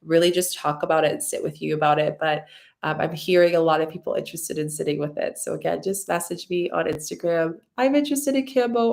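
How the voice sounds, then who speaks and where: Her voice is lowish, gravelly and a little mellow. This spiritual mentor runs her own channel's live stream, responding to viewers' comments in a loose, filler-heavy ramble while gushing with open emotion and thanks.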